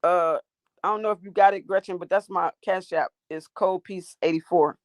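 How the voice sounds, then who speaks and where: A woman livestreams from her phone and rants at her chat, profane, combative and sassy. Her voice sits on the low side with a steady tone at normal speed, and there's no room sound.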